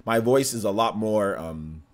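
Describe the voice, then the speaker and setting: Hyped young male streamer, lively pitch. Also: measured pace. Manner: hyped, elevated presentation voice, trash-talking. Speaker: livestream host. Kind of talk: casual live stream chat, reading chat.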